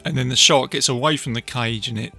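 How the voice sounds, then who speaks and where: Gravelly, bright-voiced man chatting about films. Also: mid-range voice, brisk, soft background music. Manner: chatty, retelling scenes with many fillers. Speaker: podcast host, film reviewer. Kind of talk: casual solo film review. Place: beach outdoors.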